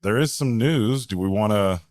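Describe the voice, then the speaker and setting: A man's voice: lowish voice, moderate pace, darkish tone, no room sound. A man co-hosting a casual podcast, chatty and joking. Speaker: podcast co-host. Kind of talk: casual chat.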